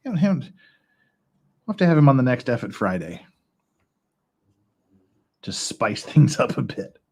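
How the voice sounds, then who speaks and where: A man's voice: mid-range voice, big pitch swings, normal speed, a little mellow. A man hosting a casual livestream, rambling and chuckling as he builds Lego and counts pieces aloud. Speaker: stream host.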